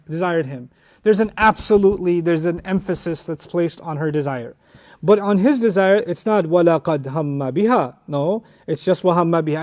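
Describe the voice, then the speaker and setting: A man with a notably high-pitched voice teaches a lecture on Quran commentary. He works through the Arabic word by word, reciting verses and repeating key phrases to drive them home. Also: fast talker, darkish tone.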